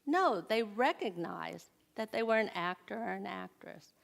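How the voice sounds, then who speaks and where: A woman's voice: mid-range voice, animated, measured pace, vocal fry. A middle-aged woman giving a conversational sermon at a church service, often putting questions to the audience. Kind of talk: inspirational sermon.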